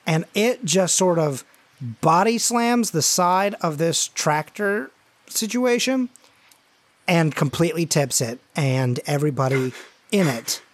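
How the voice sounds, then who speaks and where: A man's voice: on the high side, animated, slow pace. A man narrating a tabletop game as game master, rambling and full of fillers like "like" and "you know".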